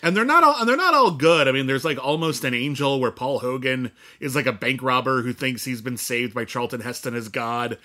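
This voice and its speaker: Man, film critic co-host, casual chat, chatty, bright voice. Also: medium pitch, fairly quick, few pauses. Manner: chatty, laughs easily, many fillers. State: sore side, hurts to laugh.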